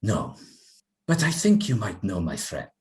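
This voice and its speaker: A smug, menacing cloaked stranger, as a man does the voice, speaking smoothly and waving others off. The figure comes from a tabletop role-play game. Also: low voice, wildly swooping pitch, unhurried, darkish tone, exaggerated voice. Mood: sly.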